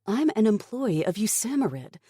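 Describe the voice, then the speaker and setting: Defiant woman scientist, read by the narrator for an audiobook; insistent, pleading, lively husky delivery. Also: medium pitch, normal speed, no echo, clean studio sound, pitched above the performer's own voice. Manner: insistent, pleading, rising to anger. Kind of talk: audiobook character voice.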